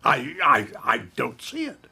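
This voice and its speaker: An older man giving scripted, incredulous comic commentary, stammering and repeating himself. His husky voice leaps up and down in pitch. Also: wildly swooping pitch, a little slow, pushed and bright, soft background music. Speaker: host of an impressions review video.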